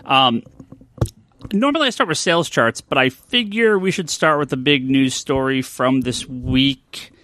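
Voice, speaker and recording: A man's voice: medium pitch, unhurried, dry recording. A man hosting a casual comics podcast, leading the talk and reading out sales figures. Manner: animated, leads the talk and reads out sales numbers. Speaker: podcast host.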